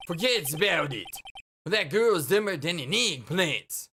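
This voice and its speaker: A woman voicing a cold, menacing male mob thug in a video game, with a gruff tough-guy drawl. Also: fairly low pitch, animated, unhurried, fairly bright tone, pitched above the performer's own voice, heavily acted.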